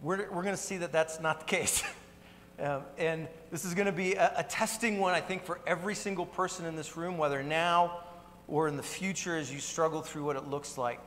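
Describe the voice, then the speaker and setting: Preaching earnestly but conversationally, a pastor speaks at a brisk clip in a steady, slightly bright voice that sits a little above the usual male pitch. The church sanctuary adds a long reverb tail, and a faint hiss or hum lies under the recording.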